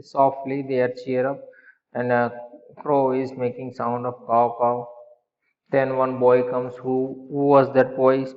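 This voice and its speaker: In an echoey room with dull, lo-fi sound, a male teacher slowly walks young pupils through a children's story. His medium-pitched voice is completely flat, and he keeps asking the class questions only to answer them himself.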